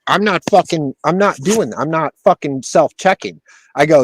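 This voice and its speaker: Man, fairly high voice, profane, animated storytelling, casual chat, dry sound. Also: normal speed, no echo.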